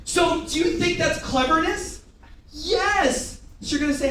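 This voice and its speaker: An extremely high-pitched man runs a live sales training for a roomful of staff at normal speed, animated and jokey, drilling them with call-and-response. The large room has a live audience and is echoey, with his voice captured from a distance and slight background noise.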